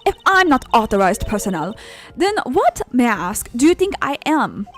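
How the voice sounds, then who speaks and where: A woman's voice: on the high side, sing-song, normal speed, faint music behind, pitched above the performer's own voice. Woman putting on a haughty German-accented young prosecutor. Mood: indignant. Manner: imperious, scornful. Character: haughty young female prosecutor, arrogant and competitive. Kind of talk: video game dialogue read aloud.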